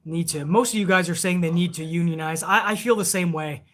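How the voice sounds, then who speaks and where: Guy hosting a live wrestling stream, high bright voice, rambly and swears a lot, reads off donations. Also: a little fast. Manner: loose, rambling and profane, reading viewer donations aloud. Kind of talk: casual live-stream chat.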